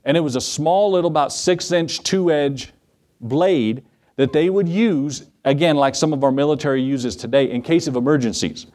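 A man's voice: a little high, moderate pace, a little mellow. Conversational man preaching a sermon. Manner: conversational preaching with asides and audience questions. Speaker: pastor. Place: church sanctuary.

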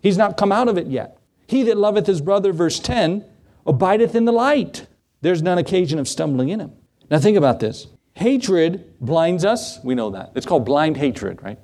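A middle-aged man preaching a sermon in a slightly raised voice. He swings his pitch and pace widely as he acts out Bible scenes. He speaks from the pulpit. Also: very animated, moderate pace, darkish tone. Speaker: pastor.

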